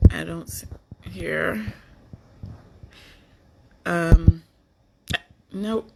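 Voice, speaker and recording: A woman hosting a casual live stream who talks warmly, laughs often and uses many fillers. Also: on the low side, drawn-out words, creaky, heavy background noise. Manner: warm, laughing, chatty with fillers. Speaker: host of an online live show. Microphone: phone on a live video stream.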